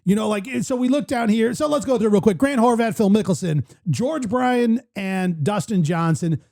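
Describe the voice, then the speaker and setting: A man hosting a casual chat show, telling stories excitedly with many fillers and restarts. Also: sits high, normal speed, gravelly. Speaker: podcast host.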